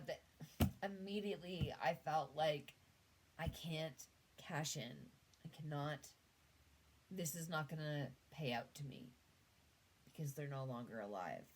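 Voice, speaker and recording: Slow low-voiced Canadian woman reading tarot. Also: background noise. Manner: musing, trails off and restarts. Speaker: tarot reader. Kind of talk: casual tarot reading monologue.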